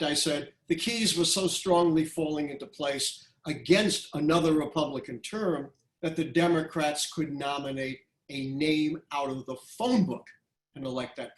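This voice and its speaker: A man in his seventies from Brooklyn, a history professor giving a public lecture, telling stories in an animated, emphatic way with quick asides. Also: on the high side, reverberant, low-quality recording. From Brooklyn, USA.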